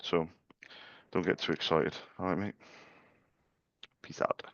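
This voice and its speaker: With a low, slow-ish voice that barely moves in pitch, a young small business owner places live phone sales calls for a casual vlog, chatting politely to camera. He often stammers and starts over. There is no echo, and the highs are cut off.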